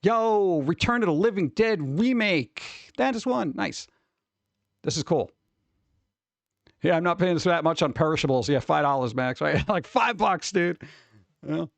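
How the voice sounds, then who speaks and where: A man's voice: fairly high pitch, lively intonation, unhurried, vocal fry, dry recording. Rambling, swearing streamer man. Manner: rambling, swears casually, reads news aloud. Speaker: streamer host. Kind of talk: casual livestream chat.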